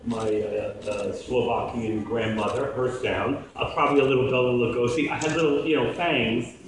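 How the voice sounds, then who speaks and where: A man's voice: mid-range voice, fairly even intonation, moderate pace, a little hiss or hum. A middle-aged man at a convention panel Q&A, telling stories with lots of jokes and laughter. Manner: jokey, laughing storyteller. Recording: echoey hall, mic held far off.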